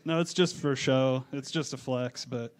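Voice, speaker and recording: A man's voice: medium pitch, fairly even intonation, moderate pace, clean tone. A man who just performed at a bar, answering questions about his music in a laid-back, easygoing way. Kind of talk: casual interview answers. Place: bar at a live music event.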